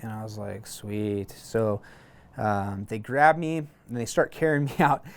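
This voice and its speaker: A man in his thirties, a former Marine, calmly telling a long personal story in a casual interview, with frequent fillers and restarts. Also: on the low side. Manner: relaxed, halting, many fillers and restarts.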